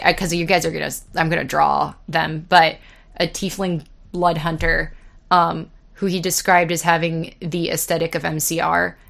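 A young woman in her twenties talks on her own podcast in a loose, rambling way, swearing freely and laughing at herself. Her voice sits a little low for a woman. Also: vocal fry, fairly bright tone. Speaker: podcast host. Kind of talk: casual solo podcast chat.

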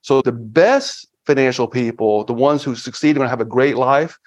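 A man in his fifties, a guest on a business podcast, talking casually and with energy, often breaking into excited quoted asides. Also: medium pitch, normal speed. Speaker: podcast guest, finance firm founder. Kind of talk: casual interview talk. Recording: slightly dull lo-fi audio.

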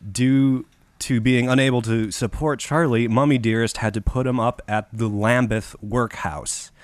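A man's voice: mid-range voice, fairly even intonation, measured pace, no room sound. A man with a Chicago accent hosting a podcast, telling a history story from notes in a crude, irreverent, laughing way. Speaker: podcast host. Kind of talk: casual chat reading from notes.

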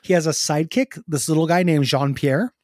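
A man's voice: a little high, a little fast, a little mellow, no echo, clean studio sound. A man co-hosting a casual chat, joking crudely and laughing often. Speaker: podcast co-host.

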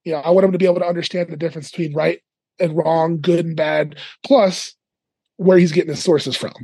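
A man chatting as a podcast guest, telling animated stories and laughing often, over a remote call mic. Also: fairly high pitch, a little fast, slightly rough, no echo. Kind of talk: casual podcast chat.

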